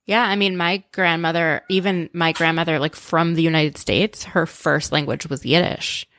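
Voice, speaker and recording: A woman's voice: low-pitched, steady tone, moderate pace, fairly bright tone, dry recording, studio quality. A woman co-hosting a casual podcast, chatting thoughtfully about a reality show and often trailing off mid-sentence. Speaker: podcast co-host. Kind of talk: casual reality TV recap chat.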